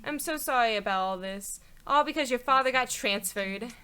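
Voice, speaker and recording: A woman's voice: a little high, moderate pace, bright, forceful tone. A woman reading a tired, fretful mother. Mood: weary. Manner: reading game dialogue aloud, plainly. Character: worried, weary mother of a teenage girl.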